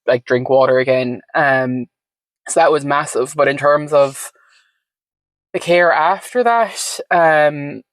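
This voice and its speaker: A woman's voice: sits low, slow pace, no echo. A woman talking candidly as an interview guest, frank and chatty with lots of fillers and the odd swear word. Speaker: podcast guest.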